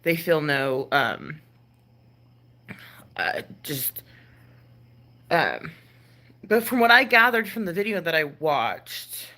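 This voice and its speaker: With a fairly low, pushed and bright voice, a woman who makes ASMR content goes on a casual rant during a live stream. She sounds exasperated, sighing, using fillers and swearing throughout.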